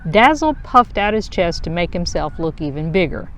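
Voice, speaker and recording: A woman reading a children's picture book aloud in a slow, expressive storytelling voice. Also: on the low side, a little hiss or hum.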